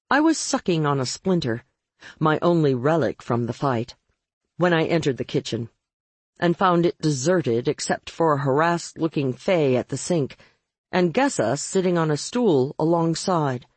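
A woman's voice: sits low, expressive, a little slow, darkish tone, breathy edge, no echo. A woman reading a first-person audiobook with wry, sardonic narration.

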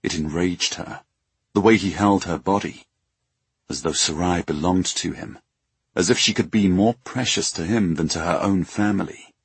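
Male fantasy audiobook narrator, very deep and husky, dry close recording. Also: moderate pace, dry recording.

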